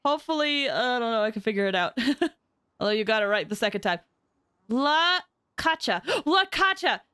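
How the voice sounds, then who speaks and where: A woman's voice: fairly high pitch, animated, quick pace, pushed and bright, clean tone, no echo, clean studio sound. A young woman streaming a game, chatting with viewers in a bubbly, giggly way. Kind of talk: casual live-stream chat.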